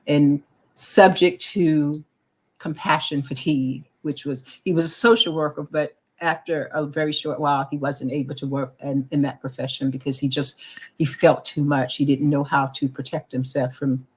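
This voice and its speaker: A woman's voice: sits low, moderate pace, slightly rough. A middle-aged woman co-hosting a talk show, telling a personal story in casual chat and acting out the voices of people she quotes. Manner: animated storyteller, acts out quoted voices, restarts often.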